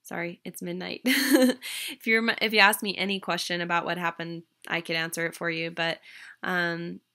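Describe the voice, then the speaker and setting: A young adult woman casually telling a personal story to the camera, chatty, with many ums and restarts and animated quoted lines. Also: lowish voice, gravelly. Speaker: vlogger.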